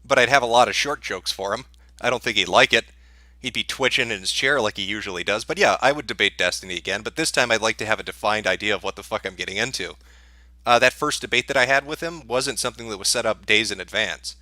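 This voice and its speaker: A man's voice: fairly low pitch, quick pace, bright, forceful tone, no echo. A man answering viewer questions on a livestream in a sarcastic, profane, dismissive rant.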